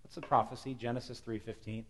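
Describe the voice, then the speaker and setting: A male pastor preaching a lively storytelling sermon, moving between loud emphasis and hushed moments. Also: medium pitch, fast. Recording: long hall reverb.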